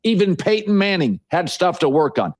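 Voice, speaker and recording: A man talking as a sports analyst, explaining a quarterback's prospects point by point in a measured way. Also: high-pitched, very animated. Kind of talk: sports commentary clip.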